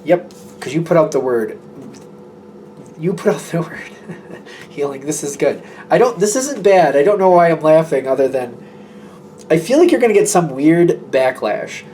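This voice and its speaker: Male tarot reader with a somewhat high voice, chatty and meandering, slight background hiss. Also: very animated, normal speed, dark tone. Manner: chatty, rambling, acts out imagined dialogue. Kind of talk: casual tarot reading monologue.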